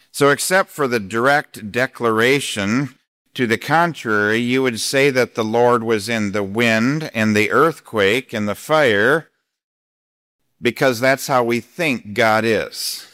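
A man preaching a sermon as pastor, speaking deliberately and emphatically, slowing down to read scripture. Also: mid-range voice, fairly bright tone, clear, resonant tone, dry recording, studio quality.

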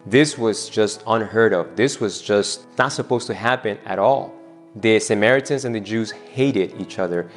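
A man's voice: lowish voice, moderate pace, faint music behind. A man preaching a sermon, retelling a scripture scene in a storytelling way and voicing the people in it. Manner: retells the scripture scene, acting out both speakers' lines. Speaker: pastor.

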